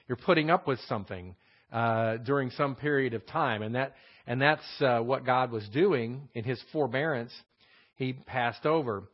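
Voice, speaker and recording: A man's voice: mid-range voice, moderate pace. Man teaching scripture, dull lo-fi sound. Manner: explanatory, with frequent fillers and rhetorical questions. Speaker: Bible teacher. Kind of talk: verse-by-verse Bible study lesson.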